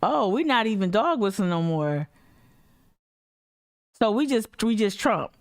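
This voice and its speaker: A woman's voice: mid-range voice, very animated, unhurried, no room sound. Blunt woman ranting, dry sound. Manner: blunt, sarcastic, profane. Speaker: livestream host. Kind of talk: heated commentary reacting to clips.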